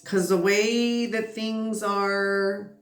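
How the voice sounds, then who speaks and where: Tired woman, casual tarot reader, chatty and reassuring, middle pitch, roomy echo. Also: level tone, drawn-out words. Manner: chatty, reassuring, laughs often. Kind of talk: casual spiritual tarot reading.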